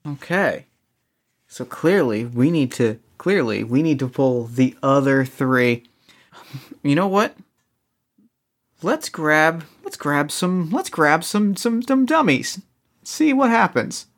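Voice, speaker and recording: Player working thru a puzzle out loud, lots of restarts, jokey about themselves. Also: mid-range voice, animated, slow pace. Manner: restless restarts, self-mocking. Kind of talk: casual game play, thinking aloud.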